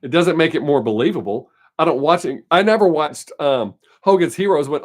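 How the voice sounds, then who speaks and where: A man's voice: a little high, lively intonation, brisk, hardly any pauses. A man hosting his weekly live stream, chatting casually and answering viewer comments in a rambling, opinionated way. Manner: rambling, opinionated, laughs often.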